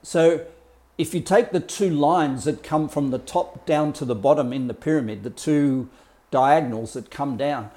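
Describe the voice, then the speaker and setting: A man's voice: fairly high pitch, moderate pace, dark tone. A man talking as a life coach, explaining ideas in a blunt, colourful way with swearing and mimicked sounds. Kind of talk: casual explanatory talk.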